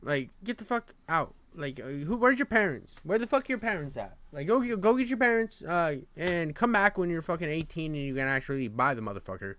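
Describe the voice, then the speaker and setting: A man's voice: fairly high pitch, big pitch swings, a little fast, hardly any pauses, a bit bright, no echo. A man streaming his reaction to a video, ranting bluntly and sarcastically, with a lot of swearing. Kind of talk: casual profane commentary rant.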